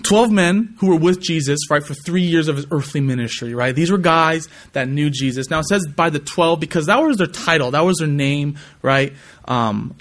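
Casual preaching man, fairly high voice. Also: normal speed, fairly bright tone. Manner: conversational, asks congregation for responses. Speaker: pastor. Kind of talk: sermon.

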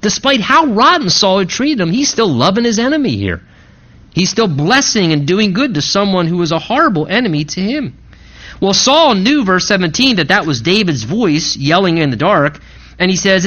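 Male pastor, expressive pitch, teaching a sermon on a dull lo-fi recording. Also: moderate pace. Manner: expository Bible teaching, dramatizing quoted lines.

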